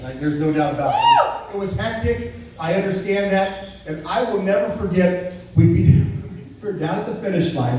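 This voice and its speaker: A man's voice: a little high, darkish tone. A middle-aged man giving a casual retirement roast speech, rambling through stories with stumbling restarts and chuckles. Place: indoor party venue. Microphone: phone camera far from the speaker. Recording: echoey, distant, faint room noise.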